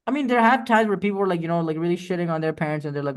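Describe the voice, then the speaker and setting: A man's voice: high-pitched, lively intonation, racing, few pauses. A young man, a streamer, in a casual podcast chat, ranting emphatically with lots of swearing. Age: young adult.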